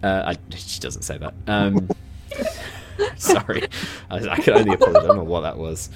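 A man narrating as game master of a tabletop game, animated and self-deprecating. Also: low-pitched, fairly quick, music in the background.

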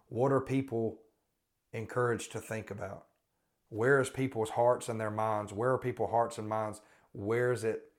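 A man hosting a Christian podcast, pleading earnestly with listeners and repeating pointed questions. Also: lowish voice. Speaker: podcast host and Christian teacher. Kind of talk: earnest spoken exhortation.

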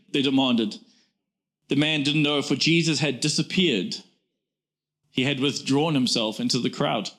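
A man's voice: medium pitch, normal speed, a bit bright. A pastor in his forties preaching a sermon to his congregation, emphatic and repetitive, often calling them "guys". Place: church before a congregation.

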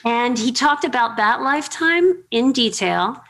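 A middle-aged woman hosting an interview, telling chatty, animated anecdotes with many fillers. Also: fairly high pitch, measured pace. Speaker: podcast host. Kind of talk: casual storytelling interview.

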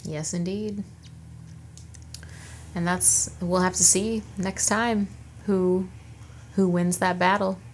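A woman's voice: fairly low pitch, fairly even intonation, slow, pauses often, a little hiss or hum. A woman co-hosting a casual TV recap chat, laughing often and acting out characters' lines. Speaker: podcast co-host.

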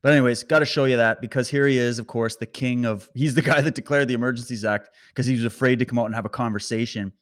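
A man delivering a casual, animated political commentary monologue, rambling and indignant. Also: mid-range voice, quick pace, few pauses, dry recording, clean studio sound.

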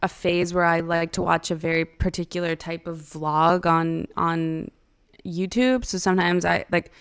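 A woman's voice: on the low side, fairly even intonation, normal speed, clean tone. A young woman co-hosting a podcast, chatting casually with lots of filler words. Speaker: podcast co-host. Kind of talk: casual chat.

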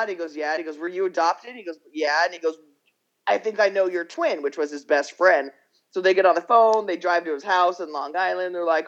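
A podcast co-host tells a story in a loose, rambling way, voicing everyone's lines and swearing freely. The voice sits at a middle pitch. The mic sounds dull and lo-fi. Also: a little fast. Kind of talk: casual chat, retelling a documentary.

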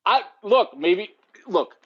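A man's voice: high voice, expressive, slow pace, husky, highs cut off. A man co-hosting prank calls, hot-tempered, exasperated and profane. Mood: angry. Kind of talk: heated phone argument and banter.

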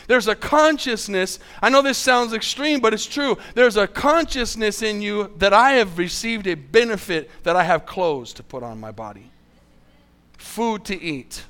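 A man preaching a sermon, earnestly asking the congregation questions and reading scripture slowly. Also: high-pitched, a bit bright. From United States.

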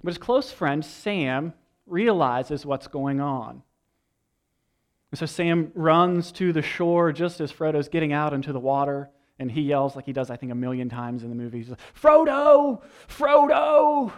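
Young guy pastor preaching, animated storyteller, a bit high voice. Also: normal speed. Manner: animated storytelling, acting out movie lines. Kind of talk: sermon.

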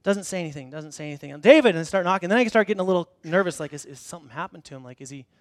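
A man's voice: fairly high pitch, lively intonation, very fast, dry recording. A man, a pastor, giving a conversational sermon in church, telling stories with self-deprecating humor and frequent restarts. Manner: casual storytelling with frequent restarts. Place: church hall before a congregation.

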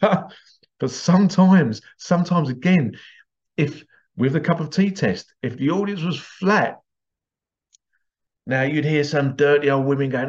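A man's voice: mid-range voice, lively intonation, normal speed, a little mellow, lo-fi sound. A man hosting a show and telling anecdotes in a chatty way, often breaking into laughter. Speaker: host. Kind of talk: casual anecdotal storytelling.

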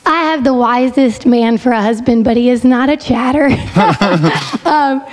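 Middle-aged woman, high voice, chatty and self-deprecating. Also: lively intonation, a little slow, hardly any pauses. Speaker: church member, mother of five. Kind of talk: casual sharing. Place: church hall.

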